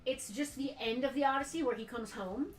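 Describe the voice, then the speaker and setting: A woman's voice: high-pitched, brisk. A woman co-hosting a live toy sale, bantering casually with joking asides. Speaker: co-host. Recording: echoey room, mic at a distance.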